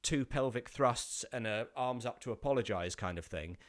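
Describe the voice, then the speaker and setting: A man's voice: mid-range voice, normal speed. Rambling man telling a story. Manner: rambling with many restarts, rising to animated outbursts. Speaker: actor. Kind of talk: casual anecdote on a podcast.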